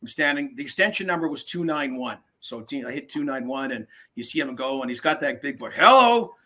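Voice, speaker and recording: A man's voice: mid-range voice, fairly quick, pushed and bright, low-quality recording. An older man, a veteran hockey broadcaster, telling anecdotes in a casual interview and acting out the voices he quotes.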